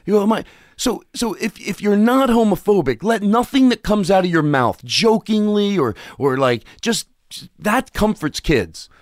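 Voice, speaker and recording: A man in his forties speaking as a guest in a candid talk, animated and profane, acting out quotes as he tells stories. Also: high voice, normal speed, dry recording, studio quality. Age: 40s. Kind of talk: candid casual conversation.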